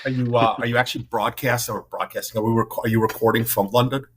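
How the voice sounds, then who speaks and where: A man co-hosting a casual sports podcast, asking wry questions in a halting way with many fillers. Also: medium pitch, steady tone, a bit bright. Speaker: podcast co-host.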